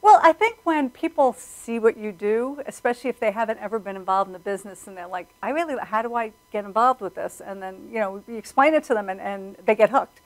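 A woman, a filmmaker guest telling stories in an animated, casual interview, acting out quotes. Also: mid-range voice, fast, few pauses, low-quality recording. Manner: animated storyteller, acts out quotes.

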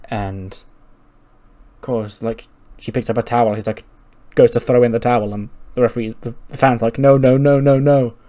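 A man's voice: mid-range voice, little pitch movement, normal speed, mellow. A man casually narrating a wrestling sim playthrough, swearing now and then. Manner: casual, swears, acts out characters. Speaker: game commentator.

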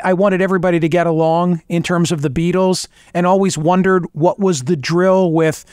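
A man's voice: high-pitched, darkish tone, clear, resonant tone, no room sound, studio quality. Enthusiastic middle-aged male host. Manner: enthusiastic, quick asides. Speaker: show host. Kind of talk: interview.

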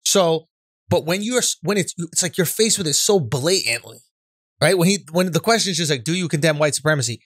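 A male podcast co-host in casual comedic chat, animated and swearing, often tagging "right?" onto his points. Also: a little high, fairly quick, no echo, studio quality.

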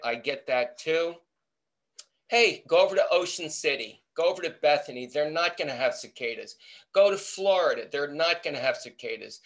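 With a fairly high, fairly bright voice, a middle-aged American entomology professor delivers a lively anecdote in a webinar. He tells it playfully, slipping into the voices of those he quotes.

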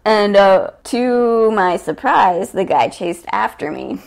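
A woman's voice: medium pitch, takes it slowly, creaky. A woman in her thirties, a podcast guest and storyteller, telling a personal story in candid, conversational style and laughing often. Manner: laughs often while telling, animated quoted asides.

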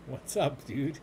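A man's voice: on the high side, noisy background. A man hosting an online trivia game, reading out questions and answers in a jokey, chatty way. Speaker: trivia host. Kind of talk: live-streamed trivia hosting.

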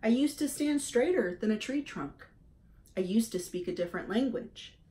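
A woman voicing a patient female robot mother who speaks in an even, measured way, reading a storybook aloud. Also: on the high side, pitched above the performer's own voice, natural voice. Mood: calm.

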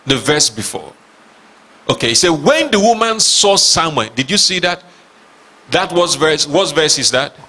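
A man's voice: on the high side, big pitch swings, measured pace, sharp tone. A man preaching a sermon as pastor, reading scripture aloud with emphasis and asking his listeners questions. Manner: reads scripture aloud dramatically.

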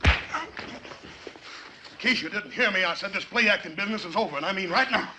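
An actor playing a big-hearted, always hungry young rancher with a folksy, easygoing way of talking in a 1950s TV western. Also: male voice, sits high, a little fast, background noise, natural voice. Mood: firm. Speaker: ranch son.

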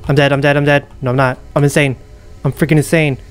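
A young man commentating a horror game as he plays, muttering, whispering and panicking with rapid repeats. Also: fairly high pitch, level tone, clear, resonant tone, faint music behind. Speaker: gaming YouTuber. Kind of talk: live gameplay commentary.

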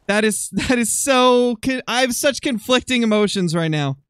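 A young man commentating his hunting game live on stream, excitable and quick to swing into loud frustration. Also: very high-pitched, clean tone, no room sound, studio quality. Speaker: gaming streamer.

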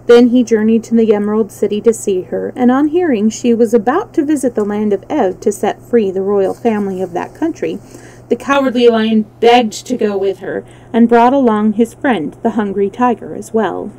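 A woman reading a children's book aloud on a livestream, relaxed, with small slips she corrects. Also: fairly high pitch, moderate pace, low-quality recording. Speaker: storyteller. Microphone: livestream mic.

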